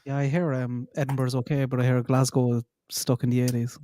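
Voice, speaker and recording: A man's voice: mid-range voice, flat delivery, fairly quick, mellow. A man hosting a livestream, chatting casually with a guest and talking straight to his viewers, often hedging his remarks. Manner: conversational, hedging, addresses the chat directly. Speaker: livestream host. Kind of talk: casual chat.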